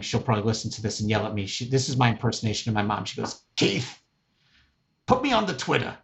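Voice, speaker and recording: A middle-aged man talks in an emphatic, animated way, punctuating his points with quick "right?" checks. His voice sits in a middle pitch, and the audio sounds a little dull and muffled. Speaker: media executive guest. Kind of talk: casual interview talk.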